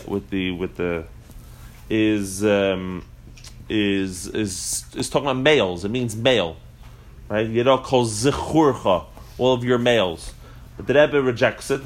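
Man teaching a live religious class. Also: mid-range voice. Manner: thinks aloud, with frequent restarts and filler. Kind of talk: live explanatory lesson to a group.

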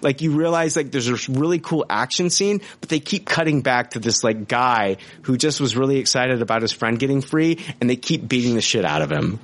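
A man hosts a casual podcast, talking loosely about films. His speech is profane, with plenty of fillers and easy laughs. His voice sits at an ordinary middle pitch. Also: expressive, brisk, hardly any pauses, fairly bright tone. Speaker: podcast host. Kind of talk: casual movie review chat.

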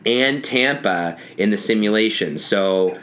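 A man's voice: lowish voice, animated, measured pace, a bit bright. A man chatting casually about hockey and video games, laid-back and saying man and like a lot.

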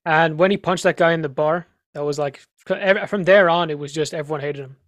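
Podcast guest: young Irish man, blunt and casual, high-ish voice, dry sound. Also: a little fast, fairly bright tone, no echo. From Ireland. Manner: blunt, chatty, many fillers.

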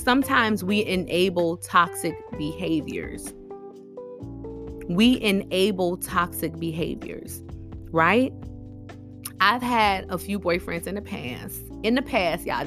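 In a relaxed, lively monologue, a woman with a medium-pitched voice hands out relationship advice, leaning on rhetorical questions and slangy, informal wording.

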